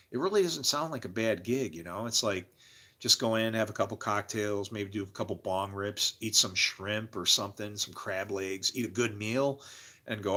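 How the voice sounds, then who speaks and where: Swearing and confessing on a casual livestream, a man muses about religion and his own struggles while greeting chat viewers by name. He has a lowish voice with a sharp tone.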